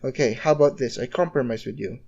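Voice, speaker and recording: A man's voice: mid-range voice, quick pace, vocal fry, a little mellow, husky, lo-fi sound. A man voicing an earnest young male hero who stammers and repeats himself. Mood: coaxing.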